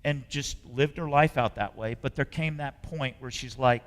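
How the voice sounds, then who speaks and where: A man preaching a sermon as a spiritual leader. He talks in an earnest, conversational way and often lets phrases trail off softly. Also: medium pitch, normal speed, hardly any pauses. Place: church sanctuary. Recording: long reverb of a hall.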